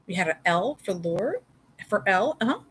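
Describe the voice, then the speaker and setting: A woman telling a Bible story to toddlers in an exaggerated, sing-song way, dropping to soft whispers for prayers. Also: mid-range voice, big pitch swings, normal speed, a little hiss or hum, low-quality recording. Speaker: toddler Sunday school teacher.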